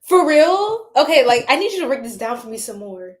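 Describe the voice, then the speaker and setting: A woman's voice: high-pitched, sing-song, a little fast, hardly any pauses. A woman with an American lilt hosting a tarot livestream, chatting casually with her viewers, laughing often and swearing freely. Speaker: tarot reader livestream host.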